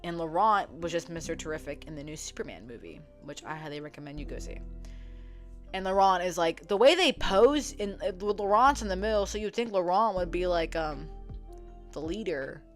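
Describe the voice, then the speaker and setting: A young woman casually retelling a story to her viewers, chatty and profane, full of "like" fillers, acting out characters' lines in quick quotes. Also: on the low side, expressive. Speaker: book vlogger. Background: faint background music.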